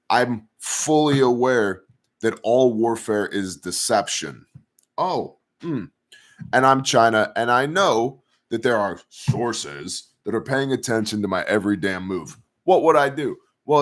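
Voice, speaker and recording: A man hosts a casual news commentary show, rambling through hypotheticals in a sarcastic tone. His voice sits a little below average in pitch. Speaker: host.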